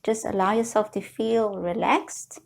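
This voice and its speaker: A woman guiding viewers through a slow, soothing tapping session, leading them in repeated affirmations. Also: mid-range voice, steady tone, gravelly. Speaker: EFT tapping guide.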